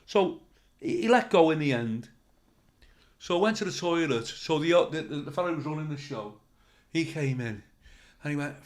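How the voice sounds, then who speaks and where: Comedian guest, male, high and very animated, mimics characters as he talks. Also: normal speed, pauses often. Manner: animated storyteller, swears freely, acts out other people's voices. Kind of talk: anecdote-telling in casual chat.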